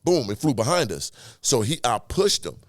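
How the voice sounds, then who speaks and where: A man, a podcast guest, telling an animated, profane story full of sound effects and acted-out quotes. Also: mid-range voice, moderate pace, slight background noise.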